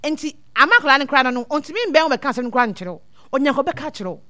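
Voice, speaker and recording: Guest expert, woman, high voice, dry close sound, earnest and repetitive. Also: expressive, rapid-fire, sharp tone, no room sound. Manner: earnest, repeats words as she thinks. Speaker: guest speaker on child welfare. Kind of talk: casual advice talk mixing two languages.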